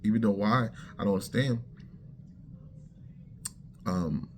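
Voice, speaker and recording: A man sharing his personal faith testimony as a lively story, talking straight to his listeners and acting out the lines of the people in it. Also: on the low side, slow pace, a little hiss or hum. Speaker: testimony speaker.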